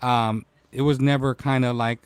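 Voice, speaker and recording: A man's voice: mid-range voice, level tone, normal speed, smooth, no room sound. Upbeat male livestream host, dry sound. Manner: upbeat, greets viewers by name. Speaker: talk show host. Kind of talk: casual livestream chat.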